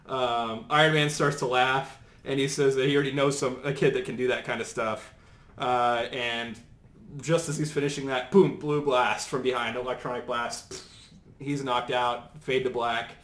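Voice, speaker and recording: A man lays out his idea in a loose, rambling storytelling voice, stopping to restart and laughing his way through it. His voice sits at a middle pitch for a man. The sound is roomy, with a clear echo from the studio set. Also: level tone, normal speed, fairly bright tone. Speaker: podcast co-host pitching a show idea. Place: studio set full of toys and collectibles.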